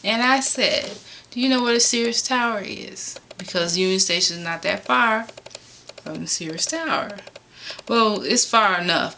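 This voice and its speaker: A woman casually telling a personal story from Chicago, animated and rising sharply in pitch when exasperated. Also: measured pace, slight background noise.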